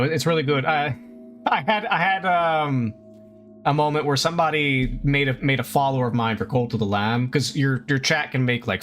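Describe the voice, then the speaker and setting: A male streamer rambles casually to his chat while working on pixel art, laughing often and swearing freely. His voice sits at a middle pitch. Faint music plays behind him. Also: fairly bright tone.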